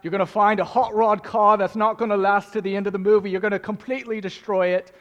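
A man voicing a brisk male spy handler who barks clipped orders in a deliberately bad put-on accent. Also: high-pitched, little pitch movement, highs cut off, voice pushed up. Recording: long hall reverb.

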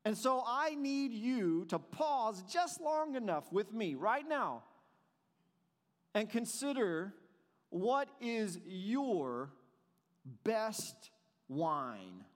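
High-voiced preaching man in reverberant hall. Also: drawn-out words. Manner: expressive preaching, swings between soft and emphatic. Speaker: pastor. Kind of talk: sermon.

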